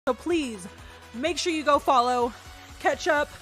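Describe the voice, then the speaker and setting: High, bright, joking woman streamer. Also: unhurried, faint music behind. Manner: joking, crude and excitable. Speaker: livestream host. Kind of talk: casual live-stream chat.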